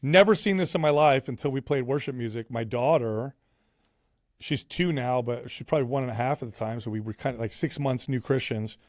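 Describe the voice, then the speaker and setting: Excited male podcast guest, dry sound. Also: medium pitch, fairly quick, no echo. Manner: excited, animated storytelling, says "bro". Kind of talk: casual chat.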